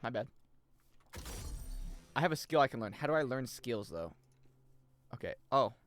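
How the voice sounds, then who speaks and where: A young man commentates his game stream in a casual, excitable way. His voice swings widely in pitch, from muttered menu readings to sudden loud, high shouts. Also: normal speed, a little hiss or hum. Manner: excitable, jumps into loud high yelps and laughs; mutters menu options to himself.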